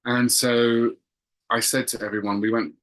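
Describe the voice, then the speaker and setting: A guest earnestly tells the story of a spiritual experience, speaking in a mid-range, slightly bright voice at a moderate pace with a level tone, on a low-quality recording. He frequently searches for words and repeats phrases as he goes.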